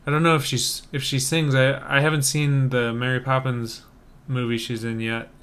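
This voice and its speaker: Man, podcast co-host, casual trailer chat, wry jokes, smooth clear voice. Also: medium pitch, moderate pace. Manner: wry, joking, lively banter.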